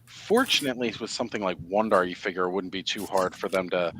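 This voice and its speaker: A man hosting a live stream, chatting casually and explaining at length in a relaxed, rambling way. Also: low voice, fast, a little hiss or hum. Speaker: livestream host. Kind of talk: casual chat.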